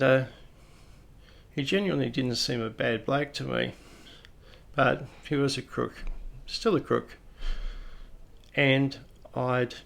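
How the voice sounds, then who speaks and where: A man's voice: mid-range voice, gravelly, sharp tone. An Australian man who is a police officer, telling a personal story in a plain-spoken, reflective, conversational way.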